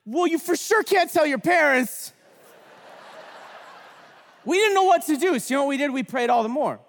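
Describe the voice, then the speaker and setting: A man in his thirties preaching at a conference, telling stories with animated, shouted bursts in a large hall. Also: very high voice, moderate pace, long pauses. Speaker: pastor. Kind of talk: energetic conference sermon. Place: large hall with long reverb. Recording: reverberant hall, from a distance.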